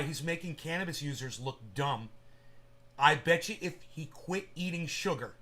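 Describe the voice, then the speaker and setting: A man's voice: fairly high pitch, pushed and bright. A man hosting a casual livestream, rambling and swearing as he talks straight to viewers in chat. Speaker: livestream host.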